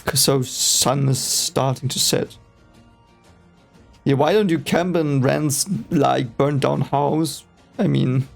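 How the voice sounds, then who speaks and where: Faint music plays behind a German-native man reading a book aloud casually for the first time. His voice is gravelly, medium-pitched, and steady, and he reads slowly, pausing for exasperated, rambling, hesitant reactions.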